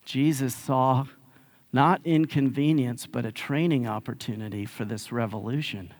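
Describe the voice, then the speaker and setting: A man preaching a sermon in an easy, conversational way, his voice sitting a little higher than most men's. He tells the story with animation and slips into sarcastic asides that he acts out. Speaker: pastor.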